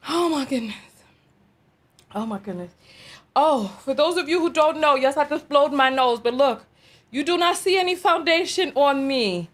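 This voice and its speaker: A woman's voice: high voice, animated, moderate pace. A woman hosting a reaction video, commenting in an exasperated, dramatic way and laughing through it.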